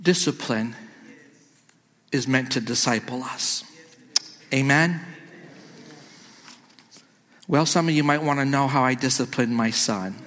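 A man's voice: medium pitch, takes it slowly, long pauses, fairly bright tone. A middle-aged man preaching a sermon in a church, earnest and quoting scripture. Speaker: pastor. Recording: echoey church hall.

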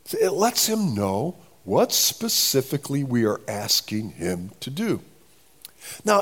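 A middle-aged man preaching a sermon as pastor, acting out pleading prayers with a raised voice. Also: fairly high pitch.

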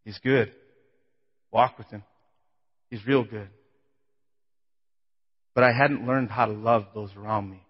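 A man preaches a personal testimony in a sanctuary, rising to loud, pleading peaks and falling back to a near hush. His voice rings out with a long reverb tail in a large hall, and the recording sounds muffled and dull. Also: fairly even intonation, slow pace, long pauses. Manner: emotional testimony, voice swelling then dropping low. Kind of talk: sermon.

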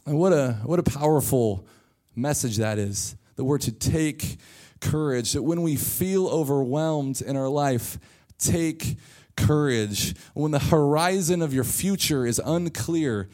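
A man's voice: on the high side, unhurried, mellow. Casual, joking male preacher. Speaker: pastor. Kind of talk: sermon. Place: church.

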